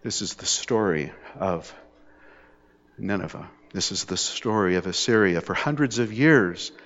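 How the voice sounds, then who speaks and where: A man's voice: deep voice, a little slow, fairly bright tone. A man preaching a sermon in a conversational style, with jokes and rising intensity on the dramatic points. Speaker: pastor. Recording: dull lo-fi hall recording.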